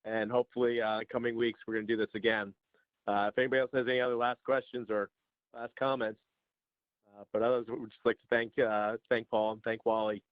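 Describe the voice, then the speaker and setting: A man hosting a residents' video call, giving brisk thankful closing remarks. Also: medium pitch, flat delivery, dry recording. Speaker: chief resident hosting the chat. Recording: tinny phone-like call audio.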